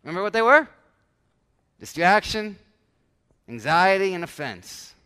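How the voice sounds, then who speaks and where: This is a man delivering a sermon in a church hall that carries a long reverb. His voice sits high for a man. He preaches with animated energy, dropping into acted-out everyday voices to illustrate his points. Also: measured pace, clear, resonant tone. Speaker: pastor.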